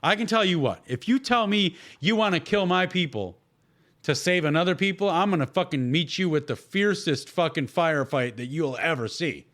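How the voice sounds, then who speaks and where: Brief: male podcast host, fairly high voice, blunt, profane, sarcastic delivery. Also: animated, normal speed, fairly bright tone. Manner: blunt, heavy swearing, sarcastic. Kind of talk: solo podcast rant.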